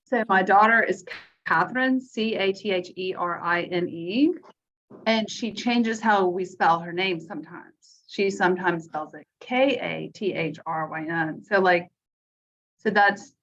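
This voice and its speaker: A woman's voice: fairly low pitch, measured pace, fairly bright tone, a little hiss or hum. A woman, a foundation director, chatting casually as a guest over a video call, telling stories with quoted asides. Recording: dull lo-fi call audio.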